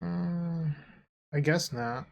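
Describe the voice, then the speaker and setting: A man's voice: fairly high pitch, very slow, gravelly. A tired man co-hosting and commentating a card game he is playing, making dry sarcastic jokes in a casual chat. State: tired, yawning.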